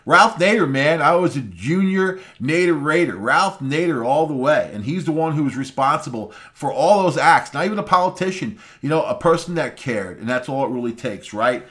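A man's voice: a little high, expressive, normal speed, hardly any pauses, fairly bright tone. A man hosting a daily talk radio update, giving loose, folksy, opinionated commentary and often tossing in "man.".

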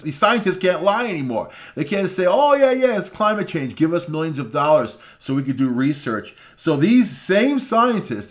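A man's voice: medium pitch, fairly bright tone. Male talk radio host, mid-range voice, folksy opinionated daily commentary. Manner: loose, folksy, says "man" a lot.

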